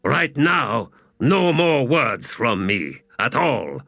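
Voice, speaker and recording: Man playing a gruff weary male warlord, sardonic, slow, dry close sound, faint music. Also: mid-range voice, very animated, sharp tone, no echo, voice pushed up, exaggerated voice.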